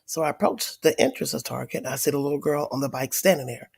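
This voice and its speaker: A middle-aged grandmother livestreaming to her viewers, telling a story in an animated, emphatic way with lots of swearing. She is sick with a cold, wheezing and tired. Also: deep voice, fast, creaky, husky. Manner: profane, emphatic, addresses viewers directly. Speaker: livestream host.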